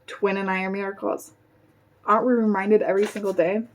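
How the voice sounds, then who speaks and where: Brief: woman, mid-pitched, plain unhurried read-aloud of a novel, the odd slip. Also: level tone, slight background noise. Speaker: reader.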